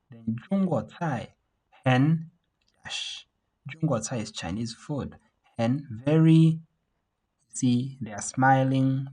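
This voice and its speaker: A man teaching a beginner Mandarin class over a video call, saying words slowly for learners to repeat. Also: mid-range voice, darkish tone, slightly rough, rough recording. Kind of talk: online language lesson.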